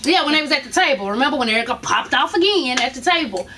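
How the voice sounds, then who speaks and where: A woman recapping a reality show in a chatty gossip style, her voice high and bright. She acts out everyone's lines as she goes. She sits a little back from the mic, with a faint hiss behind her. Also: quick pace. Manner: animated storytelling with laughs and acted quotes. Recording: distant mic with faint noise.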